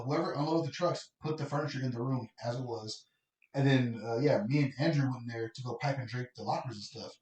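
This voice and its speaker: A man co-hosting a podcast, telling a work story in a casual, animated and profane way. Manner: animated, profane, rising pitch when worked up. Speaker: podcast co-host. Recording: echoey room, a bit far from the mic.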